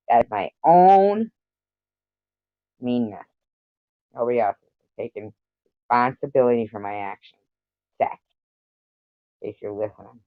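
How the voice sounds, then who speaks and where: A woman's voice: a bass voice, no echo, highs cut off. A woman hosting a casual livestream who teases her viewers and reads their messages aloud. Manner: playful, teasing, answers chat messages aloud; tries out joke accents. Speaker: livestream host.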